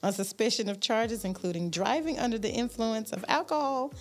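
A woman co-host tells an odd news item in a lively, sing-song voice, breaking into giggles between lines. Her pitch sits a little high and jumps around as she goes. The delivery is loose, casual radio chat. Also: brisk. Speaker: co-host reading news stories.

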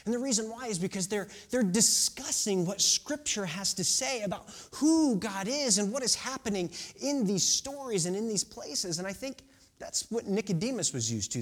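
A man in his thirties preaching a sermon in a conversational way, with asides and rhetorical questions. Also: high voice. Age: 30s. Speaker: pastor.

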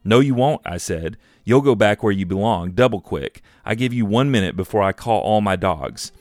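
A man reading aloud as a grumpy old male hobbit farmer who tells his tale with slow relish. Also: lowish voice, lively intonation, a little mellow, dry recording. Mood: defiant. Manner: drawn-out storytelling with relish.

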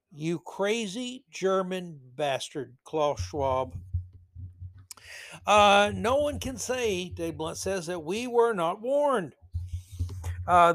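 Mocking male podcast host, slightly high voice. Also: fairly bright tone. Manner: sarcastic, mocking, rambling asides. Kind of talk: solo commentary podcast.

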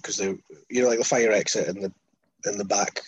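A Scottish man, a wrestler, telling a story in casual chat, animated and swearing freely as he acts out what others said. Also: lowish voice, normal speed, husky, poor audio. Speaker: wrestler guest.

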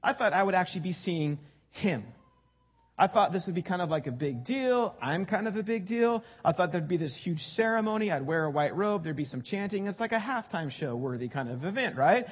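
A man's voice: high-pitched, expressive, brisk, husky. A man voicing a proud, indignant army commander who complains in long, huffy rambles. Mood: self-important.

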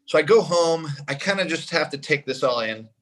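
A man who plays drums, telling a story in casual conversation in an animated way and acting out what people said. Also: a little high, a little fast, low-quality recording. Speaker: guest, drummer.

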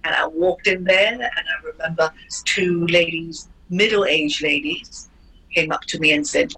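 Bright-voiced woman telling a story. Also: lowish voice, unhurried, slightly rough, poor audio. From Hong Kong. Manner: lively, acts out quoted voices, frequent restarts. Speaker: interview guest, former ballerina. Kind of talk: animated personal storytelling.

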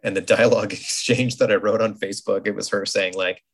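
A man in his thirties co-hosting a casual podcast, animated and acting out quotes in his stories. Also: lowish voice, fairly quick, slightly rough. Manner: animated storyteller, acts out quotes. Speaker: podcast co-host. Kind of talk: casual chat.

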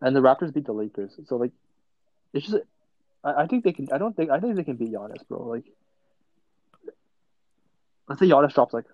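A man's voice: medium pitch, sing-song, a little fast, long pauses, no room sound, highs cut off. A young man in casual chat with friends, rambling with lots of "bro" and "like", on headphones over a call. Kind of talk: casual chat about basketball.

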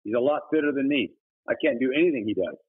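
An earnest, husky-voiced man, a guest who leads a humanitarian mission, shares a personal testimony in conversation over a tinny, phone-like line. He talks fast and animatedly, preachy in tone, breaking into sudden emphatic high bursts.

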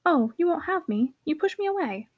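A woman voicing a lively, charming little girl who chatters eagerly in a storybook reading. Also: sits high, normal speed, narrow, tinny audio, pitched above the performer's own voice.

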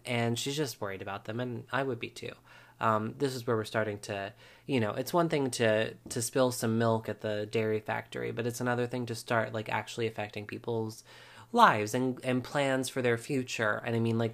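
A podcast host with a medium-pitched voice recaps a reality show episode, chatty and casual, with wry asides and frequent ums.

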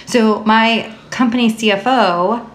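A woman's voice: fairly high pitch, fairly even intonation, slow pace, a little hiss or hum. Bubbly chatty woman, roomy sound. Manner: bubbly, laughs often, chatty. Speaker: podcast co-host. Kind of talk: casual chat. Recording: roomy echo.

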